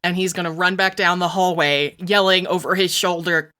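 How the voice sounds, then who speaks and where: A woman playing a tabletop role-playing game, describing her character's actions in a playful, quick-witted way. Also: lowish voice, fairly even intonation, bright, forceful tone. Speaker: player.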